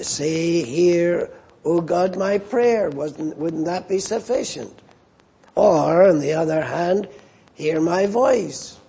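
An older man preaching a sermon, slow and deliberate, stressing quoted lines. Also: fairly high pitch, vocal fry, warm tone, breathy edge.

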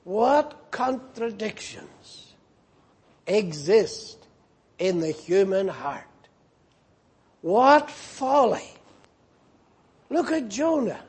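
A man preaching a sermon as a minister, moving between emphatic rises and quiet, drawn-out questions. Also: high-pitched, very animated, husky.

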